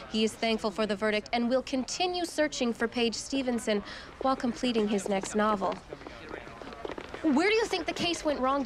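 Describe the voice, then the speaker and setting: An actress playing a female TV news reporter who reports and questions briskly outside a courthouse. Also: high voice, close to an everyday voice. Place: outdoors at a courthouse. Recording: outdoor report over crowd noise. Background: crowd noise.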